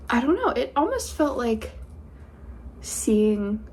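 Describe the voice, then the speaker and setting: A woman's voice: fairly high pitch, big pitch swings, takes it slowly, a little mellow, breathy edge. A woman in her twenties co-hosting a podcast, talking casually in a rambling, giggly way with lots of fillers. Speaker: podcast co-host. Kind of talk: casual chat.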